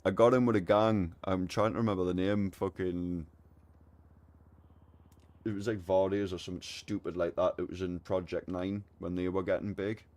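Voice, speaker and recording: A man, streaming and chatting casually, telling a lively anecdote full of swearing. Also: deep voice, normal speed. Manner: animated storyteller, swears a lot, acts out voices in anecdotes. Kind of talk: casual gaming chat and storytelling.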